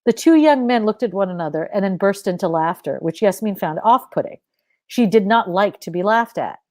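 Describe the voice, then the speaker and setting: A woman author reading her fiction aloud in a measured, expressive narration. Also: mid-range voice, no echo.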